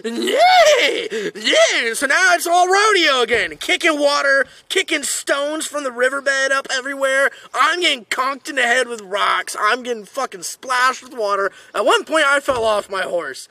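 High bright guy telling a funny story, swears a ton, super animated. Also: moderate pace, creaky, few pauses, no room sound. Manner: profane, animated, swears constantly. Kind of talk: comedic storytelling.

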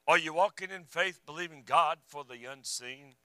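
A male preacher delivering a sermon. His voice is high and very bright, and it swings from fervent swells down to near-whispers. The sound is dry and close. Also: normal speed, hardly any pauses, no room sound, rough recording. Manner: fervent, rising and falling, drops to a hush.

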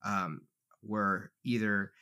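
Male podcast host, bright tone, chatty, loose and self-correcting. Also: lowish voice, flat delivery, extremely slow, clean tone. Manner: rambling, self-correcting, laid-back. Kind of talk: casual movie-review chat.

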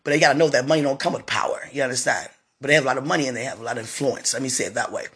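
Speaking rapid-fire in a very deep, husky voice, this woman hosts a podcast of relaxed personal stories. She chats easily, laughs a lot, and discusses her faith.

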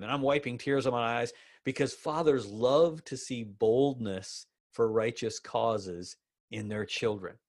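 A middle-aged man preaching a sermon, telling a personal story with animated bursts and slow, emphatic phrases. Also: on the low side. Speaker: pastor.

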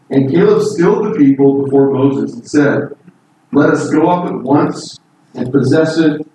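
A man's voice: mid-range voice, dark tone. A man preaching a Bible sermon in an earnest, emphatic way, voice lifting on key points. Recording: echoey room from far off with faint noise.

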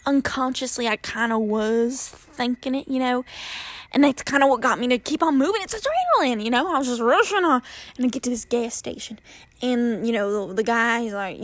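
A woman's voice: on the high side, dry recording. A woman guest telling a story casually and dramatically, repeating phrases for effect.

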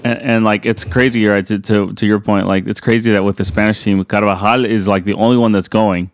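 A man in his thirties co-hosting a casual soccer chat, talking in an animated, rambling way with lots of fillers and restarts. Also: lowish voice, a little fast. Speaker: podcast co-host.

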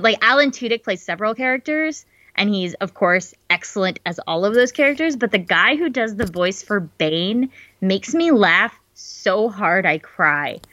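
A woman's voice: mid-range voice, sharp tone, no room sound, highs cut off. A woman co-hosting a podcast in casual chat, enthusiastic and full of filler words. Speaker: podcast co-host.

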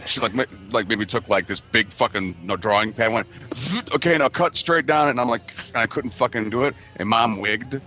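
A man with a Midwestern American accent co-hosting a casual podcast, telling a profane childhood story with falsetto impressions. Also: fairly even intonation, bright, forceful tone. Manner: profane, quick asides, acts out his mother in falsetto. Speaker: podcast co-host.

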